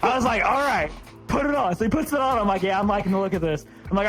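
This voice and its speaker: A man's voice: high voice, lively intonation, fast, over music. A man hosting a podcast, telling a rowdy story in casual chat, swearing and laughing a lot.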